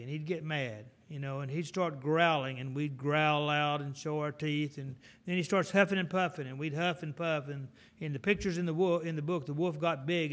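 A middle-aged man preaching a folksy sermon in an animated, storytelling way. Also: on the high side.

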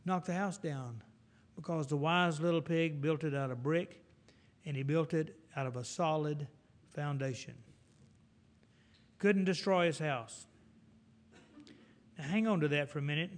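A middle-aged man preaching a folksy sermon in an animated, storytelling way. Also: fairly high pitch, normal speed, pauses often.

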